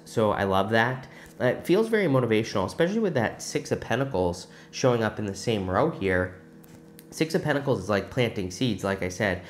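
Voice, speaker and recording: A man's voice: medium pitch, a little hiss or hum. A man reading tarot cards for his viewers in a musing, conversational way. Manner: conversational, musing, many "I feel" asides. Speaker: tarot reader.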